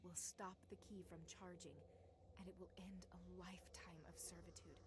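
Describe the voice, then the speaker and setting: A woman voicing a captive young AI guide in a video game cutscene, speaking calmly with a soft, breathy edge. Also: on the low side, moderate pace, close to an everyday voice. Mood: earnest. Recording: game audio with background noise.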